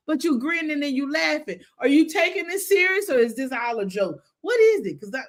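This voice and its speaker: A woman with a Southern American accent hosting a casual review chat, animated and laughing often, full of slang. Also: high voice, brisk, few pauses. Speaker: reality show review host.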